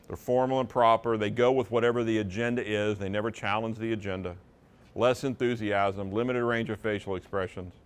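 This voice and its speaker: A man presenting a live seminar as a sales trainer, with a voice at an ordinary middle pitch. He talks to the room in a conversational way and makes his points with strong, emphatic intonation. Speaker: sales trainer for real estate agents.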